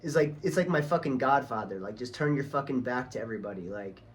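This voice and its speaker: A man's voice: medium pitch, lively intonation, fast talker, a little hiss or hum. A man ranting heatedly on his vlog, swearing a lot and talking in a casual, angry way. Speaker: vlogger.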